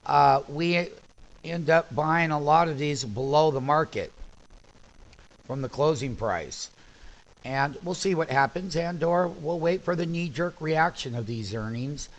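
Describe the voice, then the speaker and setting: A man hosting a stock trading show, giving live commentary over a chart and getting excited as he calls out prices. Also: a little high, poor audio. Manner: excitable, shouting out prices rapidly.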